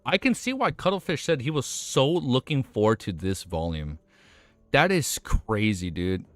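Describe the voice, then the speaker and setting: A young man streaming live, reacting excitedly with lots of swearing and laughing at himself. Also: mid-range voice, unhurried, dry recording. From United States.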